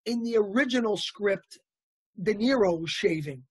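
Husky, animated male storyteller. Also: sits high, normal speed, no room sound. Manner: animated anecdotal storyteller, acts out quotes. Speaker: actor guest. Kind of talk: casual storytelling interview.

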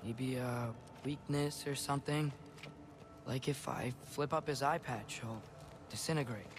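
A man's voice: medium pitch, a little slow, close to an everyday voice. An actor voicing an earnest, curious teenage boy god in a video game. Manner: earnest, searching. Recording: game audio with steady background noise.

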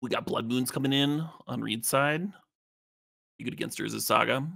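A man co-commentating a card game, relaxed and quick to laugh, often asking questions. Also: mid-range voice, gravelly.

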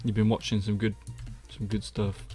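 A man's voice: fairly low pitch, completely flat delivery, moderate pace, mellow, faint music behind. A man from the UK, chatting casually and self-mockingly with viewers on a live stream. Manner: joking, self-mocking, reads chat aloud. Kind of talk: casual chat with viewers while gaming.

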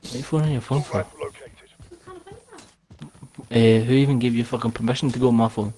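A man's voice: mid-range voice, fairly even intonation, a little fast, dark tone, a little hiss or hum. A Scottish man chatting crudely and joking while playing an online game with friends. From Scotland. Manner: crude, joking, swears a lot. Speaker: gamer streaming with friends. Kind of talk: casual gaming banter.

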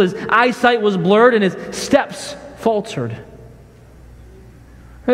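A man preaching a sermon as pastor, emphatic, swinging from shouts to hushed, quiet lines. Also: high voice, in a large hall. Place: church sanctuary.

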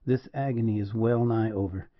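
A man voicing a dying noble soldier who speaks faintly and haltingly. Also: fairly low pitch, fairly even intonation, close to an everyday voice. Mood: solemn. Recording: dull lo-fi dry recording.

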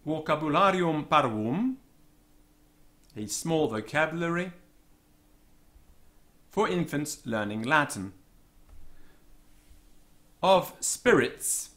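Man, Latin teacher, slow vocabulary drill, careful pronunciation, animated pitch. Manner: deliberate, careful pronunciation drills, repeating each word. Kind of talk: slow vocabulary lesson with repeated Latin words.

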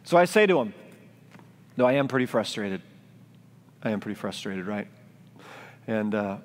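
A man preaching a sermon as pastor, speaking in a gentle, reflective, pleading way. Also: fairly low pitch, expressive, moderate pace, long pauses. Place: church sanctuary, live-streamed. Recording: long church-hall reverb.

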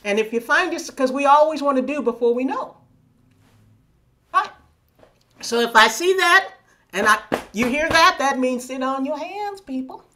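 A woman's voice: high voice, animated, normal speed, long pauses, sharp tone. A woman leading a body percussion lesson over a video call, playful and coaxing, counting and chanting rhythms aloud. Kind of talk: live online teaching. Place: home room on a video call.

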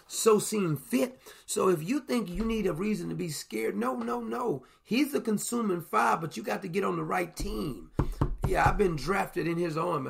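A man preaching an informal sermon on the air, animated, repeating his words and acting out the people in his stories. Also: high-pitched, vocal fry, slightly rough. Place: broadcast studio.

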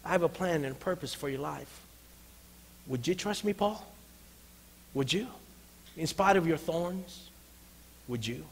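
A man voicing a gentle but firm fatherly divine figure who speaks softly and reassuringly. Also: high-pitched, in a large hall, a little hiss or hum. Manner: soft, slow and reassuring.

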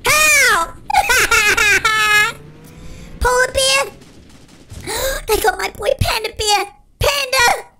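A performer voicing an excitable cartoon chipmunk in a sped-up chipmunk filter, giving panicky, shrieky game commentary as the channel host. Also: sits high, unhurried, pauses often, heavily acted. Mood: frantic. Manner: shrieky, panicky, constantly shouting to friends. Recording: noisy game sounds behind.

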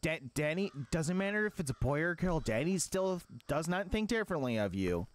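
Animated man playing a joking dad. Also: high voice, a little fast. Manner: mock-parental, scolding and sing-song. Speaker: gaming streamer. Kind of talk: comic role-play as a dad.

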